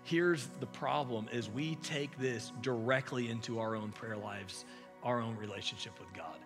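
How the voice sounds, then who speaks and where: A male pastor delivers an impassioned sermon in a medium-pitched voice, alternating between forceful emphasis and quiet asides.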